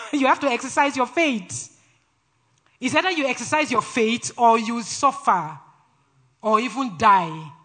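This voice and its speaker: A man with a Nigerian accent preaching a sermon in a brash, forceful way. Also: high-pitched. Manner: brash, forceful, laughs often between phrases.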